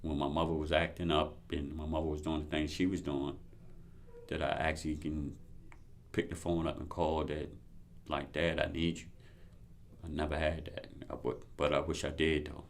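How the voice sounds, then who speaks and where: Man, interview subject, very deep and monotone, plain, steady delivery. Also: moderate pace, slight background noise. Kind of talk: spoken letter to his absent father.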